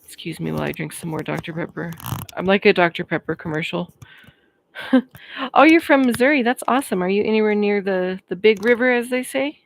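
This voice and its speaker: A woman's voice: medium pitch, animated, gravelly, a little hiss or hum. A woman in her thirties from Colorado, chatting casually on a livestream and answering viewers' comments. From Colorado, USA. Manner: chatty, friendly, quick to laugh. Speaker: livestream host. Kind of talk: casual chat reading live comments.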